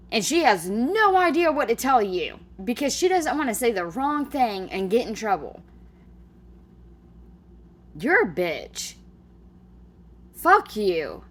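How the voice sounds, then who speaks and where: A woman giving casual reaction commentary on a clip, blunt and heated, swearing freely. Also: mid-range voice.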